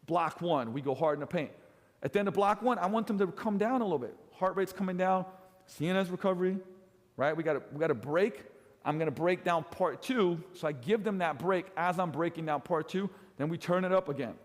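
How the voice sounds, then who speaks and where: A middle-aged man in full coaching mode, teaching other trainers with a fairly high voice that he pushes up and drops down for effect. He leans on his points and keeps checking in with "right?" The sound carries a long reverb from a large hall. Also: a little fast. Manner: emphatic, swings pitch and loudness for effect, keeps asking "right?". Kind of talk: energetic coaching lecture.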